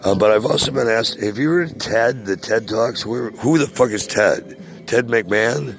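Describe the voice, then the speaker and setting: A man's voice: mid-range voice, moderate pace, creaky, over music. A man in his sixties ranting casually to a friend, profane and boastful, rambling with many hesitations. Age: 60s.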